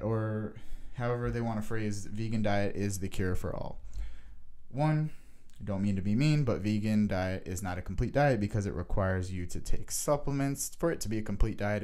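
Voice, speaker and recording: Sarcastic, animated man ranting. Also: on the low side. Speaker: vlogger. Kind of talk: casual vlog rant.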